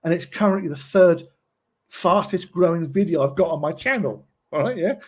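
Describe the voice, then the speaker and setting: A man's voice: a little high, moderate pace, darkish tone, husky. A man presenting a casual tutorial, chatty and often checking in with his listeners.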